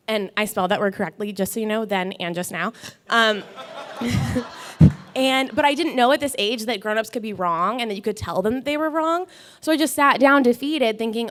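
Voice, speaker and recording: A woman's voice: on the high side, expressive, normal speed, a bit bright. Laughing, chatty woman telling a story. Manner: chatty, laughs through her lines, acts out quotes. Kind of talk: live storytelling to an audience. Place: live stage at a brewery.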